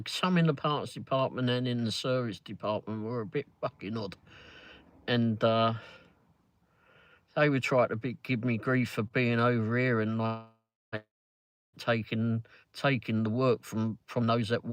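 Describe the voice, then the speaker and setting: Brief: London man, casual car chat, rambles and curses, mid pitch, very dry sound. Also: no room sound. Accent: London English. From England. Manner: rambling, swears freely, frequent fillers and restarts. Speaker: co-host of a live ride-along stream.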